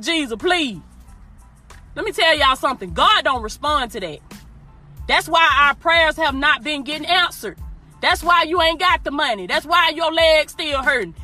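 High, bright-voiced woman preaching emphatically. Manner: emphatic, repeats phrases, addresses listeners directly with y'all and baby. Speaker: motivational preacher. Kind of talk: informal preaching.

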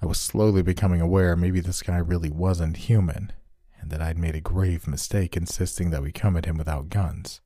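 Deep, mellow-voiced man narrating horror. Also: dry recording, studio quality. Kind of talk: scripted horror story narration.

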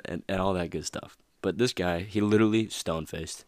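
A man's voice: deep voice, steady tone, a little fast, darkish tone, clean tone, dry recording, studio quality. A man hosting a motivational podcast, talking casually with plenty of fillers and restarts. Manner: rambling, lots of fillers and you-knows. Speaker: podcast host.

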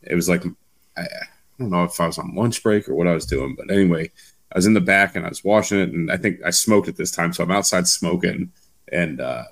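Gravelly deep-voiced man telling stories. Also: fast. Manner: profane, animated storyteller, swears freely. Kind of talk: casual chat, storytelling.

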